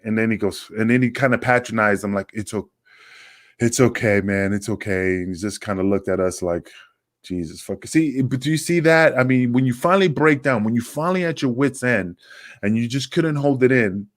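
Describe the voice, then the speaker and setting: A man co-hosting a podcast, telling rambling, animated stories in a casual chat. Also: mid-range voice, fairly quick, dry recording, clean studio sound. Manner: rambling, animated storytelling with acted quotes. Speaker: podcast co-host, former wrestler.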